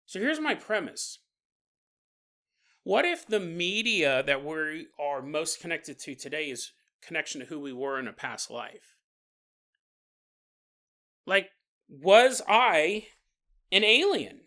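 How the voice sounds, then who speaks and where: Hosting a podcast by himself, a man delivers a casual, playful monologue and often laughs at his own jokes. He has a fairly high-pitched voice with a sharp tone.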